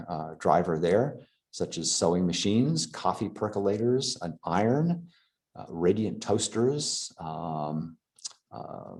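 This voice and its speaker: Deep-voiced man giving a halting lecture. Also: a little mellow. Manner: halting, many fillers and restarts. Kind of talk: slide lecture.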